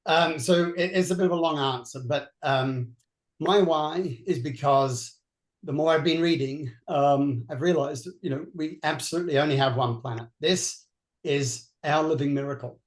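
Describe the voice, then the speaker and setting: A man with an Australian accent speaks as a guest on a panel. His voice sits a little high, and he explains with earnest energy, sometimes in quick bursts. The sound is roomy and echoey. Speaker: veterinary neurologist guest. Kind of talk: panel discussion answer.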